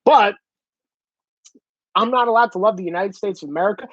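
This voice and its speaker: A man's voice: high voice, fairly quick, no echo, highs cut off. A man vlogging in a casual monologue, ranting with lots of swearing. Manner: profane, animated ranting.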